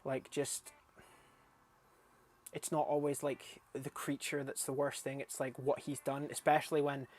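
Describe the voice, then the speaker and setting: A young man talks loosely about a movie for his review vlog, cursing without restraint and growing lively, breaking into laughter when amused. His voice sits at a medium pitch and his pace is a little slow.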